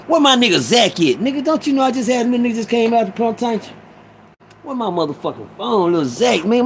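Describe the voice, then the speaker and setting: Excitable high-voiced St. man streaming. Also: a little hiss or hum. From Ferguson, Missouri. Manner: loud, excitable, profane street talk. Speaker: live stream host. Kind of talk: casual live stream chat. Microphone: phone.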